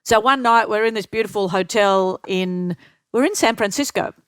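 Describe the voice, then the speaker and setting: Older female guest, animated storyteller, close dry studio sound. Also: medium pitch, moderate pace, smooth, no room sound. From Australia. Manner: lively anecdotes, acts out quoted voices. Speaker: interview guest. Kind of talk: storytelling interview.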